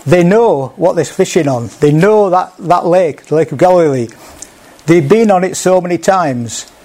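A man's voice: high-pitched, lively intonation, normal speed, a little mellow. A man preaching a sermon in a plain conversational way, with small restarts. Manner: conversational, with small restarts, acts out quoted speech.

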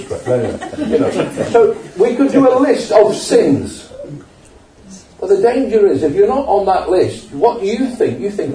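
Recorded from afar in a reverberant church hall with a faint hiss or hum, this older man delivers a sermon with humor and a chatty style, quizzing his congregation. His high, warm voice is very animated and moves at a moderate pace.

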